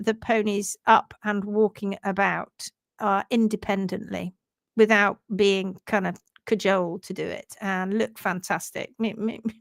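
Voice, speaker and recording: Brief: chatty woman, middle-aged, livestream host, slightly high voice, dry recording. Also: a bit bright, dry recording. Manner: chatty, reads out viewer greetings. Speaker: livestream host and hoof care educator. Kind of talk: casual livestream talk.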